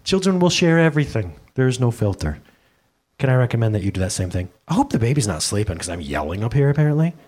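A man in his thirties preaching a sermon as pastor, animated, swinging from loud bursts to quiet asides and acting out quoted voices, speaking into a handheld microphone. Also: medium pitch, fast.

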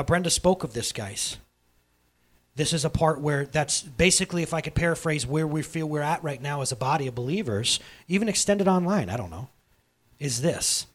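A middle-aged male pastor preaching in a church hall, talking to his congregation like friends. His voice sits a little high for a man and swings widely in pitch, jumping into loud, excited bursts before dropping low and quiet. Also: slightly rough. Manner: conversational, candid and animated, with sudden loud bursts. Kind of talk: sermon.

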